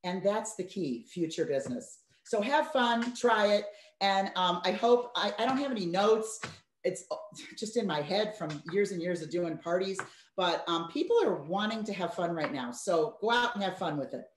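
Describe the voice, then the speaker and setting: A woman giving a lively, chatty sales training talk and acting out her party patter. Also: mid-range voice, normal speed, roomy sound, slight background noise.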